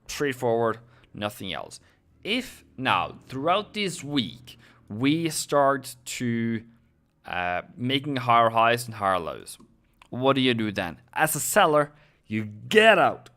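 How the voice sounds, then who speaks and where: A young man hosting a live forex analysis stream, speaking slowly and deliberately at a middle pitch. His voice is smooth and clear, with non-native English phrasing, frequent fillers and self-corrections as he addresses viewers directly. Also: very animated, a bit bright. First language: Norwegian. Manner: talks directly to viewers, thanks subscribers. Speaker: forex trading host.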